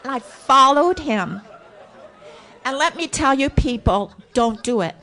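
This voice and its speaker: A woman giving a personal story share at a recovery meeting, animated and acting out her own thoughts as she tells it. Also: high voice, unhurried, some chatter behind. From Southern California. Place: hotel conference room.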